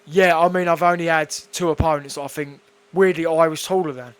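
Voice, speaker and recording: A man in a casual interview, talking bluntly and swearing often, telling stories with animated put-on voices. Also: fairly high pitch, brisk, smooth. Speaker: guest kickboxer.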